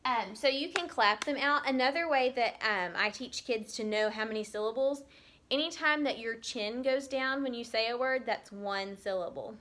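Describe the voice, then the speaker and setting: A woman teacher giving a recorded lesson to young children, patiently stretching out words so they can be heard clearly. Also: fairly high pitch, fairly bright tone, slight background noise. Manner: slow, patient, drawn-out sounding of words.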